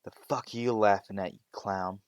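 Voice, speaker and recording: A man's voice: fairly low pitch, steady tone, moderate pace, smooth, dry recording, natural voice. A man doing a foul-mouthed hot-tempered teen boy. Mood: angry.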